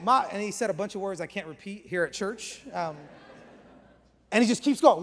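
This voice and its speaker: A man in his forties, a pastor preaching a sermon with chatty, animated storytelling and casual slang. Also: high voice, normal speed. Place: church auditorium. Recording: echoey large church hall.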